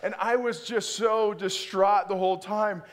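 A male pastor telling a self-deprecating story in a sermon, animated and swinging into loud exaggerated outbursts. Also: sits high, measured pace, noisy background. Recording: long hall reverb.

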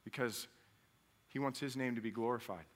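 A man, a father, preaching a conversational sermon, putting questions to the congregation and jumping to loud emphatic peaks. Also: medium pitch, moderate pace. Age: adult father. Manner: talks directly to the congregation with questions.

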